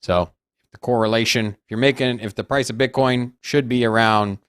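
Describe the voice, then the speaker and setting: A man giving measured, thinking-aloud market takes as a co-host on a casual crypto show. His pitch is ordinary for a man. The sound is dry and close to the mic. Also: fairly even intonation, a bit bright, smooth, dry recording.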